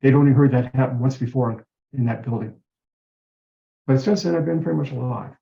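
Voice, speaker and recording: A man's voice: mid-range voice, fairly quick, gravelly. A man earnestly telling a personal story in an interview, acting out the voices he quotes. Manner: earnest, animated retelling with quoted dialogue. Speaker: guest telling his story. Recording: roomy dull-sounding recording.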